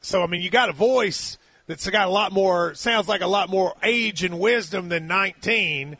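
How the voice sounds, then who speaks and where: A man's voice: sits high, moderate pace, sharp tone, husky, no echo. A male radio host interviewing a guest in a folksy, encouraging way. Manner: folksy, encouraging, asks questions.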